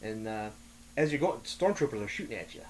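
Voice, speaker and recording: A man chatting on a talk show, telling long stories with many halting restarts. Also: medium pitch, animated, a little hiss or hum. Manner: rambling storyteller, halting restarts. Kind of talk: casual podcast chat.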